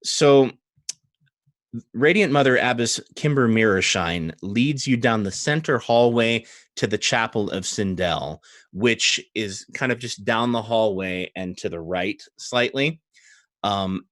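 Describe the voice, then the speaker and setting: A man narrating as game master, relaxed and conversational. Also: on the low side, measured pace, dry recording, studio quality.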